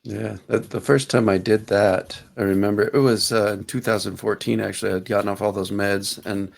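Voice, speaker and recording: A middle-aged man with a low, gravelly voice, a guest on a talk show. He tells personal anecdotes in a relaxed, chatty way. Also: brisk. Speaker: guest speaker. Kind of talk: casual storytelling in an interview.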